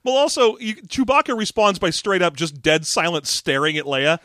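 Man, podcast co-host, bright voice, lively pitch, dry close mic. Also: dry recording. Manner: joking, quick asides, laughs often. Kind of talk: casual chat recapping a book.

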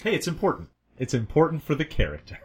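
Lively husky male game master. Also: a little high, fast. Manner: playful, jokey narration. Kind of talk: narrating a tabletop game.

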